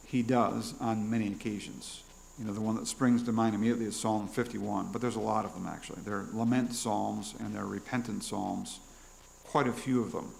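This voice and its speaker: A man preaches a sermon at a middle pitch, his voice heavy with gravelly fry. He teaches by putting questions to his listeners and acting out the prayers he quotes. A faint hiss sits under the recording. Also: normal speed, low-quality recording. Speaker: pastor. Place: church.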